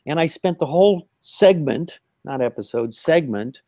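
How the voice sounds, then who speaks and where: An older man tells anecdotes with a lively, storytelling manner. His voice sits fairly high for a man. The sound is dry and close, with no room around it. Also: normal speed, dry recording. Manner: animated anecdotal storytelling with laughs. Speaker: puppeteer guest. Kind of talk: casual interview storytelling. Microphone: remote call line.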